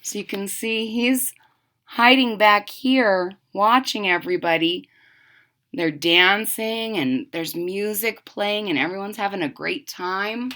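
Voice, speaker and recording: A young woman reading a children's picture book aloud expressively, pausing to explain the pictures. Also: mid-range voice. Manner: expressive storytelling with explanatory asides. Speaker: storybook reader.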